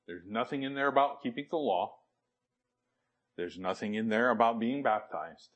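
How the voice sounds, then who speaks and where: A man's voice: medium pitch, moderate pace, a bit bright. A man preaching a sermon, quoting scripture and asking the congregation questions with emphatic delivery. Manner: asks the audience questions, emphatic.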